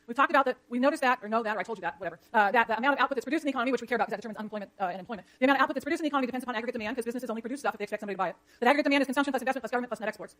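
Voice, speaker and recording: A woman lecturing an economics class, brisk and jokey, scolding the chatter when it gets too loud. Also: a little high.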